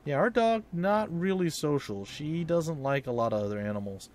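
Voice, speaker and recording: A man's voice: mid-range voice, animated, normal speed. A man giving casual, rambling, self-mocking commentary while playing a video game at home. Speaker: let's play host.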